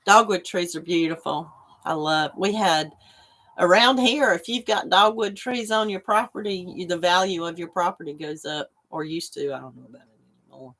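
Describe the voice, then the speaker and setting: A woman hosts a relaxed livestream and chats with viewers as she goes. She rambles easily from one thought to the next and stops to answer comments as they come in. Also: fairly low pitch, moderate pace. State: coughing after choking on water. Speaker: livestream host. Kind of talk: casual chat with live viewers.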